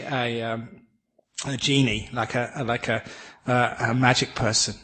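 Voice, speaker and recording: A man with an English accent giving a Buddhist dharma talk, a gentle storyteller who laughs at his own jokes. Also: medium pitch, steady tone, normal speed. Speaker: Buddhist teacher.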